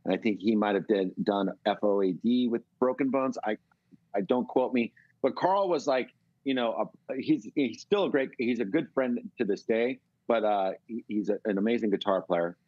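A middle-aged man from California, telling a long, animated story as a guest in a casual interview. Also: lowish voice, moderate pace, no room sound, dull audio. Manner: rambling, animated storytelling with swearing. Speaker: guest musician.

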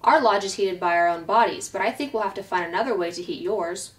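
A woman's voice: medium pitch, quick pace, far from the mic, natural voice. A woman voicing a stubborn male beaver who talks in a grumbling, folksy way.

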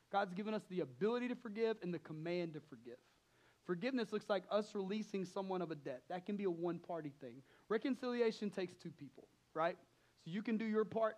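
A man preaching a sermon as pastor, conversational, often asking the congregation questions and acting out his own thoughts, sometimes dropping to a near whisper. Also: sits high.

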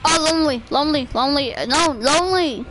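A woman streaming a live game, chatting with teammates in casual slang and shouting urgent commands when excited. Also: sits high, fairly quick, very noisy. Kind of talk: live gameplay chat with teammates.

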